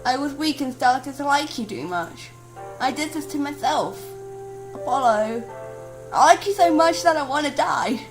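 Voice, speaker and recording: A woman putting on a sweet, brittle teen girl from a dating game whose cheer keeps cracking into tears. The voice sits high and a little louder than her own, wobbly and slow in places. Soft music lingers behind. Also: lively intonation, rough recording. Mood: anguished. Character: bubbly but depressed teen girl. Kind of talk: dramatic let's-play voice acting.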